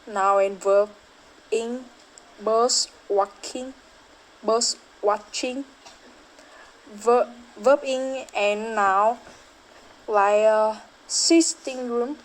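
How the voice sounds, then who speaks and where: A woman's voice: on the high side, steady tone, very slow, long pauses, low-quality recording. A young woman student reading a class presentation, hesitant, with frequent fillers and self-corrections.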